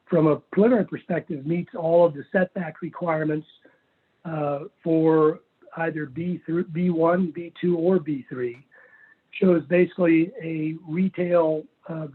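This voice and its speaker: Man, slightly high voice, husky tone, earnest and methodical, tinny phone-like call audio. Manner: earnest, methodical, reads passages aloud. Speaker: property owner applicant. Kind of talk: public hearing presentation. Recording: phone-like virtual meeting audio.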